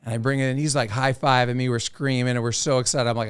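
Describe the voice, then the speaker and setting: Animated man telling a fishing story. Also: medium pitch, fast talker, clear, resonant tone, dry recording, clean studio sound. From South Florida. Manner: animated storyteller who acts out quoted voices. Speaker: professional angler and TV host, podcast guest. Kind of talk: casual storytelling.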